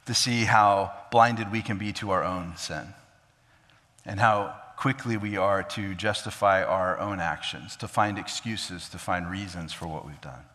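An earnest male pastor preaches a sermon with a bright, forceful voice. He walks through the text and acts out its scenes, and his words ring in a long hall reverb. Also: fairly low pitch.

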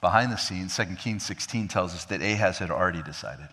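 A man preaching an expository sermon, swinging from emphatic high peaks to low, quiet drops and acting out quoted dialogue. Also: a little fast, husky, big-room sound. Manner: acts out quoted dialogue of God and king. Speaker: pastor.

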